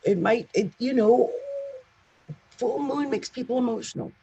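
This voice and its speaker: A woman's voice: on the high side, a little slow, vocal fry, mellow, slightly rough, dull audio. A woman astrologer giving a casual, chatty horoscope reading with emphatic asides. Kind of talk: casual monthly horoscope talk.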